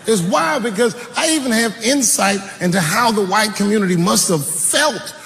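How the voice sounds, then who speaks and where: A male stand-up comedian telling stories on stage with a swooping, gravelly delivery. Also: sits high, animated, moderate pace, a bit bright, big-room sound. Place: live stage show.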